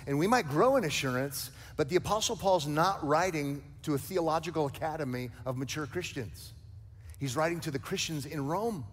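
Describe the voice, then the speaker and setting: A man's voice: on the high side, slightly rough. Man preaching in a reverberant hall. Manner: emphatic preaching with rising, forceful stresses; conversational, with light jokes and asides. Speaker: pastor. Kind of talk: sermon.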